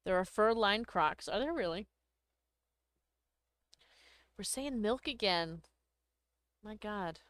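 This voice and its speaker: Smooth-voiced woman streamer chatting. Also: mid-range voice, animated, measured pace, fairly bright tone, no echo. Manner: chatty, thanks viewers, laughs often. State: hiccups. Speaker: livestream host. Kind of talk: casual chat with viewers.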